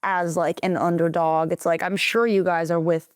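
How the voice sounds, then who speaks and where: A woman's voice: on the low side, level tone, moderate pace, smooth, no echo, clean studio sound. A woman who is a musician, a guest on a comedy podcast, musing in a thoughtful, rambling way. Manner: thoughtful, rambling, laughs easily. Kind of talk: casual chat.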